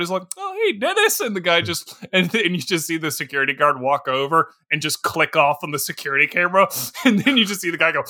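A young man co-hosting a comedic movie review podcast, riffing casually and acting out silly voices. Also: a little high. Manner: animated, acts out silly voices for characters. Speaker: podcast co-host.

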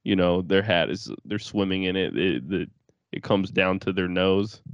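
A man's voice: deep voice, moderate pace, dry recording, muffled recording. A young man co-hosting a podcast in casual chat, teasing his friend and asking follow-up questions. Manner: teasing, asks follow-up questions, laughs often. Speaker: podcast co-host.

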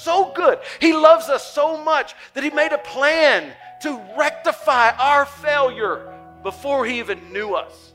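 An older man preaching a sermon, moving from quiet reflection to loud, impassioned urging. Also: very high voice, expressive, measured pace, faint music behind. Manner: impassioned, swings from soft to loud. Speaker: pastor.

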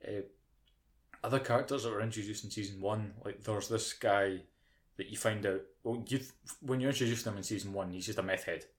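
In a casual podcast chat, a British co-host rants at a brisk clip, his voice on the low side. He swears a lot and throws in mocking impressions.

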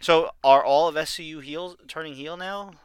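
A man's voice: a little high, normal speed, clean tone, dry recording, clean studio sound. A man co-hosting a podcast, talking wrestling news in a matter-of-fact way. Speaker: podcast co-host. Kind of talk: casual wrestling chat.

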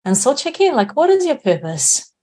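A woman's voice: sits high, sing-song, moderate pace, dark tone. Woman guest explaining with frequent "right?". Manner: frequent tag questions like "right?". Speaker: guest speaker on inner confidence. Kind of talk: reflective explanatory talk.

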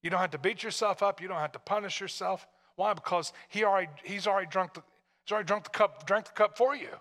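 A pastor from Tennessee preaching a sermon in a conversational way, full of rhetorical questions to the congregation. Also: male voice, high voice, quick pace, a bit bright, big-room sound.

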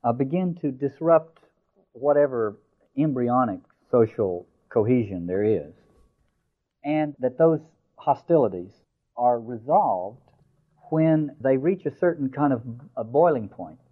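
A man giving a lecture who reads a story aloud slowly and then explains it in a discursive way, with fillers and restarts. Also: medium pitch, lively intonation. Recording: tinny phone-like audio.

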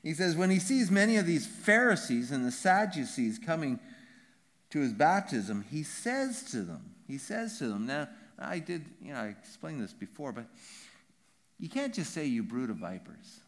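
A man preaching a sermon as pastor, emphatic and animated, often checking in with the congregation with quick "right?" asides. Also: fairly high pitch.

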